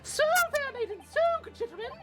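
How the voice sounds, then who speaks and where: Woman doing a theatrical gentleman, Shakespeare-quoting, rolled R's, very high, loud, game music under. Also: lively intonation, brisk. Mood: grandiose. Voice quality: rolled R's, grandiose and old-fashioned speech. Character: flamboyant theatrical man spouting Shakespeare.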